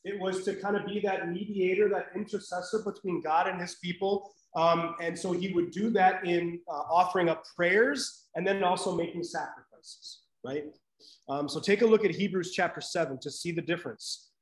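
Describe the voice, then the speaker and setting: A man's voice: sits high, normal speed, roomy sound, rough recording. A man teaching a live Bible class in a conversational way, checking in with "right?" and using many fillers.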